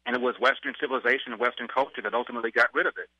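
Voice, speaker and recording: Fast-talking man calling in by phone. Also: mid-range voice, fairly even intonation, pushed and bright, dry recording, poor audio. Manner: assertive, argumentative. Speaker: radio talk show host, guest caller. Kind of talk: phone-in interview.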